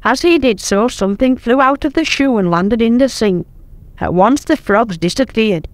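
An older woman reading a children's story aloud in a gentle, expressive way, recorded at home on tape. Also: on the high side, normal speed.

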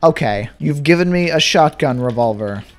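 A young man giving casual gameplay commentary, excitable and sarcastic, swinging between mock despair and glee. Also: on the high side, moderate pace, soft background music. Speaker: gaming YouTuber.

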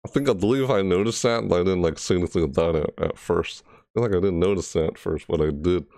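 With a deep, creaky, darkish voice and a quick pace, this man reacts informally to a game trailer, wandering off on tangents, fixing his own statements, and shrieking out character impressions. He's a gaming video creator, recorded in a clean studio with no echo.

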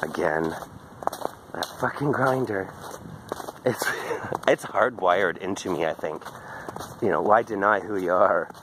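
A man's voice: sits low, slow, pauses often, background noise. A man recording a candid, rambling video journal on a phone while walking outdoors, drifting off topic and laughing often. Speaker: video diarist. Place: outdoors on a daily walk in a park. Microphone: handheld phone.

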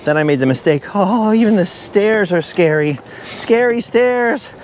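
A middle-aged man vlogging outdoors from a high forest walkway, nervous and breathless, laughing at himself and repeating his worries. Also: lively intonation, moderate pace, darkish tone, slight background noise. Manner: jittery and self-mocking, laughs often, repeats himself. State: breathless from nerves. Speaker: travel vlogger. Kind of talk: nervous chatter to camera while walking a treetop trail.

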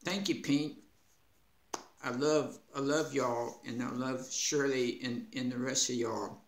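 A man in a casual unboxing vlog, laughing often and talking with gentle, grateful feeling. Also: medium pitch, fairly even intonation. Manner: slow, warm-hearted, laughing often, moved near tears. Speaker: vlogger. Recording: echoey room with faint noise.

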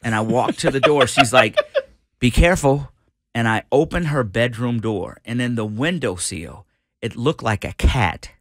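A middle-aged man telling an animated story on a radio show, acting out the voices of the people in it. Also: medium pitch, moderate pace, no echo, studio quality. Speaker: radio host guest. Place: radio studio.

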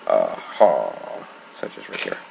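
A man's voice: rumbling low, wildly swooping pitch, slow pace, vocal fry, a little mellow. A young man giving casual, annoyed gameplay commentary, rambling and swearing. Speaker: gamer. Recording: noisy home recording.

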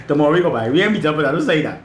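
Laughing Trinidadian man, lively teasing chat. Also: fairly high pitch, rapid-fire. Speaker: home cooking show host. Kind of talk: casual kitchen chat. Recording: echoey room with background noise.

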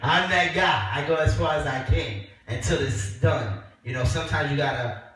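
A fairly high-voiced man is giving joking advice with loud laughs and a lot of animation. He talks as the host of a casual talk show. The recording is far from the mic and echoes strongly around the room, with faint music underneath. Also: moderate pace.

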